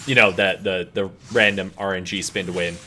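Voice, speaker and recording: Bright-voiced joking male esports caster. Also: low-pitched, fairly even intonation, a little fast, slight background noise. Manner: jokey, playful banter. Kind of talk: play-by-play commentary.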